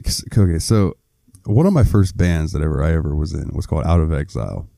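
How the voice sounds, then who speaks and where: Very deep-voiced, laid-back man. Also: lively intonation, fast talker, creaky, dark tone, no room sound, studio quality. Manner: laid-back, rambling storyteller. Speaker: podcast co-host. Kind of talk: casual chat.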